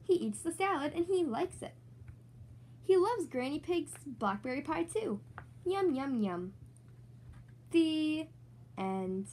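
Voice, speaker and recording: Young woman, kids' storybook reader, high sing-song voice. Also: lively intonation, measured pace, a little mellow, slight background noise. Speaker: children's book reader. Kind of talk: read-aloud storytelling for kids.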